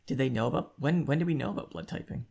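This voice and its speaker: A man's voice: medium pitch, fast, vocal fry, a little mellow, breathy edge. A man co-hosting a podcast, casually walking through a novel's plot and chatting it over. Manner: easygoing, steers the discussion through the plot. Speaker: podcast co-host. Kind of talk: casual book discussion.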